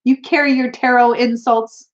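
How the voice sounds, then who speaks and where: A woman's voice: on the high side, steady tone, moderate pace, lo-fi sound. A woman hosting a casual tarot live stream, chatty and giggly, reading out viewer comments, with a runny nose. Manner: giggly, chatty, laughs often. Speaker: tarot livestream host.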